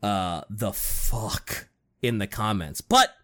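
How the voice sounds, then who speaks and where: A man hosting a casual, rambling chat, animated and giggly, with frequent swearing. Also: fairly low pitch, takes it slowly.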